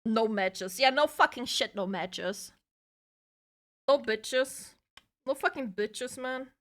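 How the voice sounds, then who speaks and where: A woman's voice: on the high side, animated, takes it slowly, fairly bright tone. A woman live streamer chatting casually, flustered and swearing as she troubleshoots her setup.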